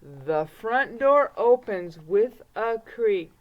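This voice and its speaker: A woman's voice: mid-range voice, lively intonation, highs cut off. A woman reading a rhyming picture book aloud to children, building suspense with whispers and bursting into cheers. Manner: slow, dramatic, suspenseful, swings to whispers and cheers. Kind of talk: storybook read-aloud for children.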